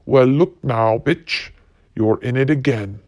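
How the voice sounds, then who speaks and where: A man's voice: mid-range voice, slow, a little mellow, dry recording. A man hosting a solo podcast, ranting bluntly and profanely while reading quotes. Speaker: podcast host.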